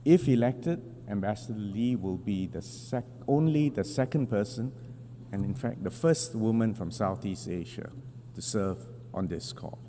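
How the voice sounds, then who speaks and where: A man delivering a formal prepared speech as a government delegate at an assembly podium, measured and deliberate with emphatic pauses. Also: on the low side, lively intonation, warm tone. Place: large assembly hall. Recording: long reverb of a large hall, faint hum.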